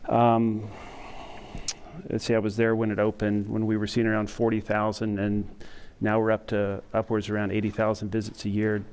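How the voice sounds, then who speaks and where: A middle-aged man giving a training lecture to emergency medical staff, talking in a self-described monotone and pausing often with fillers. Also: lowish voice, clear, resonant tone. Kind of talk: conference lecture to EMS staff. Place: lecture room with an audience.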